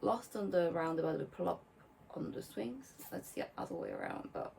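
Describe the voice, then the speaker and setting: Woman, podcast co-host, casual chat, animated, fidgety, slightly distant mic. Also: fairly low pitch, normal speed, creaky, a little hiss or hum. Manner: animated, fidgety, laughing, swearing.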